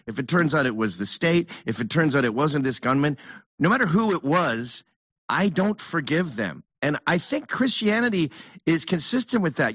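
A man's voice: on the high side, a bit bright, no echo. A man hosting a casual chat, talking bluntly and emphatically, often with mockery.

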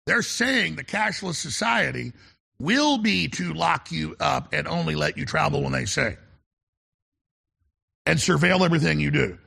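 A man's voice: on the high side, lively intonation, unhurried, sharp tone. A middle-aged man hosting a talk radio show, speaking in an urgent, intense monologue and often stammering and repeating words as he restarts. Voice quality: gravelly, husky voice.

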